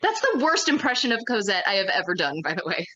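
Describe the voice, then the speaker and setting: Bubbly bright woman on a muffled mic. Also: mid-range voice, very animated, quick pace. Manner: bubbly, giggly. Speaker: podcast co-host. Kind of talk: casual chat.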